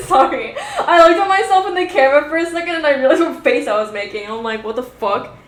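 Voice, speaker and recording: A woman's voice: sits high, fast. A woman streamer chatting casually with her viewers, giggly and rambling, swearing freely. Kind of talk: casual live-stream chat. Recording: roomy echo.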